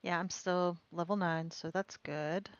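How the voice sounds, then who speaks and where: A woman streaming a farming game with a friend, playful and full of quick questions. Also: fairly low pitch, steady tone, clean tone, dry recording. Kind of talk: casual co-op gameplay chat. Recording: dry, dull lo-fi mic.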